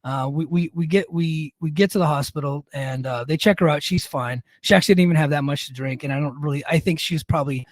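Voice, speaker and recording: A man's voice: on the high side, fast, few pauses, no echo. A middle-aged man casually telling a rambling, profane anecdote on a podcast, with many restarts. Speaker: podcast host. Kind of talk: casual storytelling.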